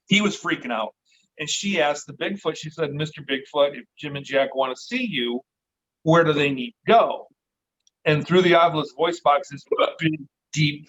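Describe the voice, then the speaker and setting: Middle-aged man, slightly high voice, lively casual storyteller, lo-fi sound. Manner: lively, swearing, acts out the voices he quotes. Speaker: podcast guest. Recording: dull lo-fi recording.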